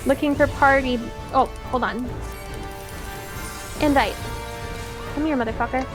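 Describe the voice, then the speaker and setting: A woman streaming an online game, chatting casually with friends, excitable and quick to laugh and whoop. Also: high voice. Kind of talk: casual gaming chat with friends. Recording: game music behind the voice.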